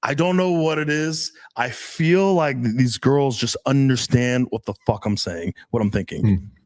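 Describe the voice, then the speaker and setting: A man coaching on dating in casual podcast chat, talking in an animated, emphatic way with a lot of swearing. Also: medium pitch, measured pace, no room sound.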